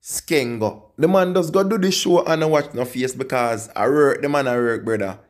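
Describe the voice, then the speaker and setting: A man with a Jamaican accent gives casual commentary for his own entertainment channel. He keeps looping back to "you see me, I say," and his pitch jumps up often as he makes his points. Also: normal speed.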